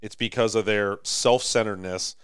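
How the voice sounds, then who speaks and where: A man with an American accent co-hosting a podcast in casual chat, rambling and animated, swinging between loud and soft. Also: lowish voice, normal speed, smooth, no echo, studio quality. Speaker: podcast co-host.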